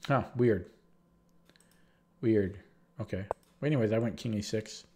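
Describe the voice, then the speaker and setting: Speaking at a measured pace, this man has a low-leaning voice with a dark tone. He's sick with a sore throat and goes over his chess games on a livestream in a casual, rambling way, often restarting sentences as he retells events.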